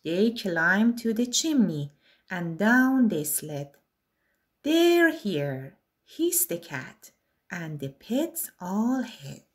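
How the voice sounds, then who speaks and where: A woman's voice: medium pitch, big pitch swings, slow pace. A woman reading a rhyming children's picture book aloud in a sing-song way. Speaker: storyteller.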